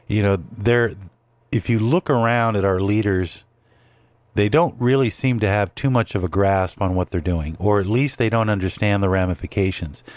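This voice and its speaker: On a dry recording, a male podcast host with a lowish, somewhat mellow voice rambles through casual political commentary. His opinionated monologue is full of fillers and restarts.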